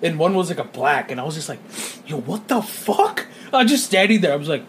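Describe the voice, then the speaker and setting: A young American man co-hosting a casual podcast, telling a story in an animated way, swearing often and acting out what people said. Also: fairly high pitch, very fast, slight background noise. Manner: animated storyteller, swears a lot, acts out quotes. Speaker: podcast co-host.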